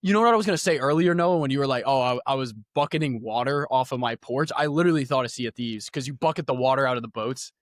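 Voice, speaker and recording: A young man co-hosting a casual podcast, talking games in an animated, slangy way. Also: medium pitch, fast, hardly any pauses, dry recording, studio quality. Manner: slangy, animated gamer talk. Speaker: podcast co-host. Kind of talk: casual chat.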